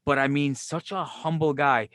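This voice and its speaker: This is a man spinning wrestling yarns on a podcast, a touch high in his voice. He swears easily and acts out every quote. The sound is close and dry. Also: moderate pace, no echo. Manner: animated, profane, acts out quoted dialogue. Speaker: podcast host, former wrestling booker. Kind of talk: casual storytelling chat.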